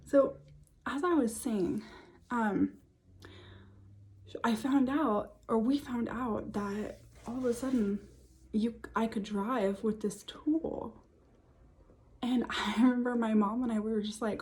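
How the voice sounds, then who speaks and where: A woman's voice: on the high side, steady tone, takes it slowly, long pauses, a little mellow, husky. A woman of twenty-five, telling a personal story to camera in a casual, chatty way from her home office. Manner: chatty, many fillers, laughs often. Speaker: vlogger.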